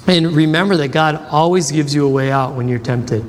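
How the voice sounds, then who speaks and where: A man's voice: a little high, brisk. A man preaching a sermon as a pastor, telling a story with acted-out quotes and questions to the crowd. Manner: animated storytelling, acts out quotes, asks audience questions. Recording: long hall reverb.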